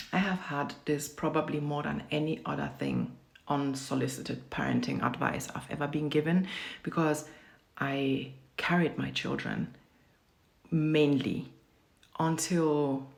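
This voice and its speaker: Low gravelly-voiced woman ranting bluntly. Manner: blunt, profane, emphatic. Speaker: parent vlogger. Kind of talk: casual storytelling rant.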